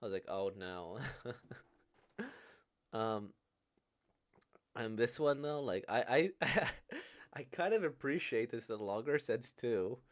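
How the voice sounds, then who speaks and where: A man's voice: medium pitch, animated, slow pace, long pauses. A man hosting a casual manga reading reaction, hesitant and full of fillers, laughing often.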